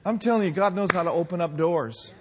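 A man in his sixties preaching a sermon, telling folksy personal stories with humor and lively emphasis. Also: sits high, quick pace, background noise. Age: 60s. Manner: folksy storytelling, animated with laughs. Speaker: pastor.

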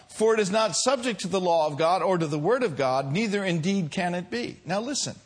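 A man preaching a sermon as pastor, swinging from soft, drawn-out lines to loud, shouted calls. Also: sits high, husky.

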